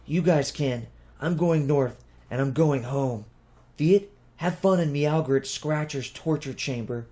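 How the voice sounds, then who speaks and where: Casting: male narrator as a stubborn young heroine, lifted pitch, firm decisive delivery. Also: slow, dark tone. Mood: determined. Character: determined, blunt young woman.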